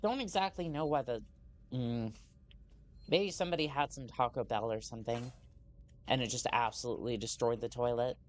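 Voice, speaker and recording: Rambling woman streamer narrating gameplay. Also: rumbling low. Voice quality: rambling, self-correcting, reads on-screen text slowly. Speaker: game streamer. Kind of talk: casual gameplay commentary.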